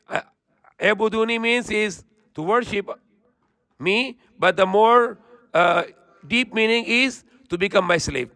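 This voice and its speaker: In a high, bright voice with a forceful tone, an Islamic preacher recites verses rapidly and fluently before translating and earnestly explaining them in verse-by-verse Quran commentary. The recording is dry.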